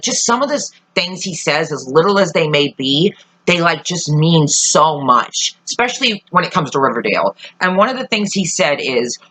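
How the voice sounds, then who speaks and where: A woman talks casually to camera with a bright, forward voice. She rambles, swears freely and often loses the thread, then picks it up again. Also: sits low, breathy edge, poor audio. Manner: chatty, swears often, trails off and restarts. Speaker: vlogger reviewing a TV trailer. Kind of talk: casual chat.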